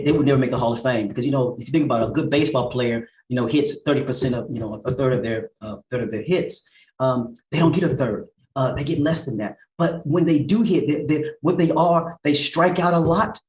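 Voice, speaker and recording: A man's voice: mid-range voice, a little mellow. A man with a mid-range voice gives a conversational keynote, often restarting and repeating words as he thinks aloud. The sound is roomy and echoey. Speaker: CEO giving a keynote.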